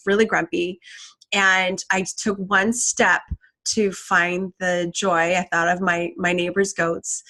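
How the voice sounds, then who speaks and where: A woman's voice: medium pitch, fairly bright tone, rough recording. Middle-aged woman coach, casual encouraging delivery, fillers and restarts, mid-range voice. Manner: chatty, encouraging, many fillers and repeats. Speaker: life coach. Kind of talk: solo motivational talk.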